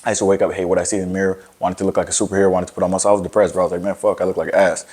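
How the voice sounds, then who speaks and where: Man, young adult, deep voice, quick talker, casual profane motivational rant. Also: little pitch movement, dark tone. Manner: blunt, profane, rambling with many restarts. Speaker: fitness content creator.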